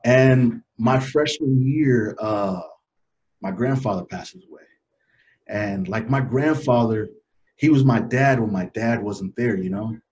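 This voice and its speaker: A man in his forties telling a personal story as an interview guest, earnest and halting, getting choked up and dropping his voice low and soft. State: emotional, choked up. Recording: dull lo-fi audio.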